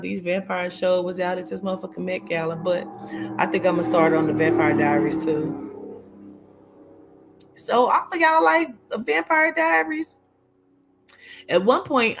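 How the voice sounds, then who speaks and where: A woman's voice: lowish voice, slight background noise. Woman, livestream host, casual rambling chat, frequent swearing, answers viewer comments. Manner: chatty and rambling, with frequent swearing and "child" asides.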